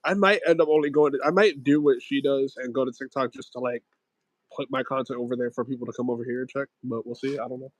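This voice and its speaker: A young man chatting on his own livestream in a loose, rambling way, full of fillers and slang. His voice sits at an ordinary pitch for a man and sounds dry and close, with no room sound. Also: steady tone, fast talker, no room sound, rough recording. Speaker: livestream host. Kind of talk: casual chat.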